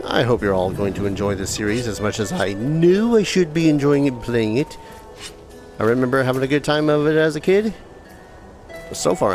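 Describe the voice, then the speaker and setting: Rambling male let's play host. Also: mid-range voice. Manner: rambling, joking asides, reads game text aloud. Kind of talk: casual gameplay commentary.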